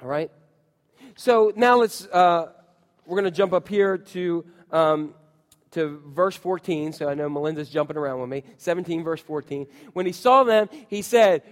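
A man preaching a sermon in a church, animated and calling out to the congregation. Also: high-pitched, moderate pace. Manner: animated, calls out to the congregation, acts out shouts. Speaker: pastor. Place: church sanctuary. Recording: long hall reverb.

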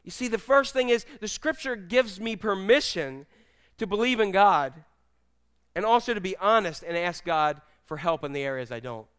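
Pastor, man, high voice, smooth, chatty joking sermon. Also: normal speed. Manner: conversational, jokey, animated storytelling.

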